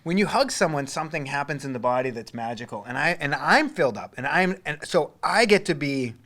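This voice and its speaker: A man's voice: fairly high pitch, animated, brisk, a bit bright. A man with a Boston accent, a breathwork coach talking in casual conversation, blunt and profane as he tells stories.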